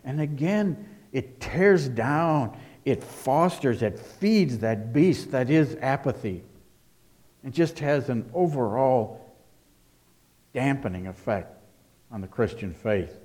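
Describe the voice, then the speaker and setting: Pastor guy preaching at a church service, earnest, goes quiet then punches words, mid voice. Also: mid-range voice, animated, takes it slowly. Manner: earnest preaching, alternating quiet asides with forceful emphasis. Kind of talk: sermon.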